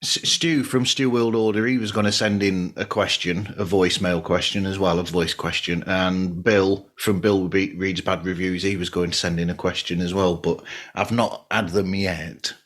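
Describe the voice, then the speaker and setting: A man hosting a podcast, chatting in a relaxed, rambling way. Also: low voice, normal speed, few pauses. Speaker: podcast host. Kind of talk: casual podcast chat.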